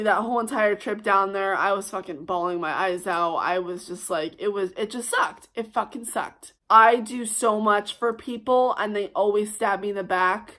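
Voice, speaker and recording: A young woman vlogger telling a heated personal story, swearing often and swinging between loud outbursts and hushed asides. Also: medium pitch. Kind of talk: storytime vlog.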